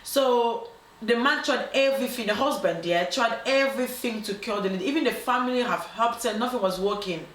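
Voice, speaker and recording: A woman casually telling a dilemma story as host. She talks in an animated way, acts out the quoted voices, and often stops on ums and restarts. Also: a little high, fairly quick. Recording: roomy echo, faint background noise.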